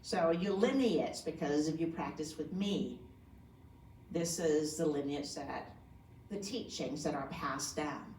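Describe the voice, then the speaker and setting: A woman's voice: low-pitched, slow pace, darkish tone, a little hiss or hum. Woman, yoga teacher, conversational talk, asks the audience questions, echoey room, distant mic. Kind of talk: informal talk to a group. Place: community room.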